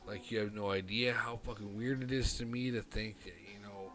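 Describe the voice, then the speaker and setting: A man streaming alone, talking through his thoughts in a rambling, halting way, often swearing and putting on a southern drawl. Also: fairly low pitch, steady tone. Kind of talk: casual live-stream monologue. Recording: loud music behind the voice.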